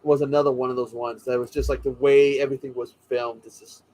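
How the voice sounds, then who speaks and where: A man's voice: medium pitch, little pitch movement, fast, warm tone, low-quality recording. A man hosting a casual watch-party chat, rambling enthusiastically with many restarts.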